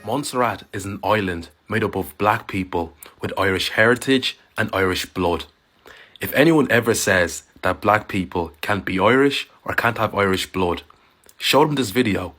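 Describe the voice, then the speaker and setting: A man's voice: on the low side, normal speed, a bit bright, faint music behind. A man video creator speaking casually and earnestly to camera. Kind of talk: casual vlog sign-off.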